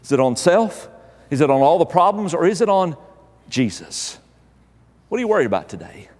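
High-voiced preacher in an echoing church. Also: male voice, very animated, fast talker, a little mellow. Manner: emphatic preaching with repeated phrases. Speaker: pastor. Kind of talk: sermon.

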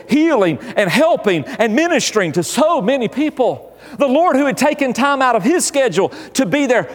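A man's voice: very high-pitched, long reverb tail. A man preaching a sermon as pastor, emphatic, with repeated phrases. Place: church.

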